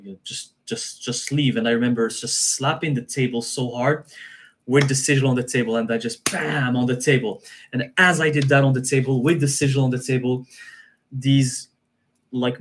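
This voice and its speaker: Speaking at a mid-range pitch, this male live-stream guest recounts something from his own life with sincerity. He tends to say things twice and often abandons sentences to begin again.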